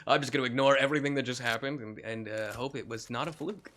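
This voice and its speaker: Bright-voiced joking young man streaming. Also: mid-range voice, fast talker. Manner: rambling, joking, swearing, laughing often. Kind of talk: live gameplay commentary.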